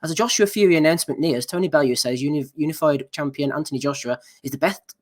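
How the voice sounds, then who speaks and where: A man hosts a casual podcast with a slightly raised pitch. He reads listener messages and news in a dry, sarcastic way. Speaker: podcast host. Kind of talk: casual banter reading nominations.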